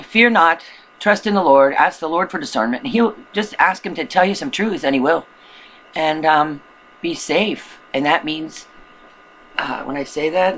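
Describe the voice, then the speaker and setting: A bright, forceful voice rambles through an earnest warning to the camera, doubling back on itself mid-thought. It is a casual video-blog monologue, recorded at home out in the country. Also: medium pitch, a little hiss or hum, poor audio. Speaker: video blogger. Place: rural home in the wilderness.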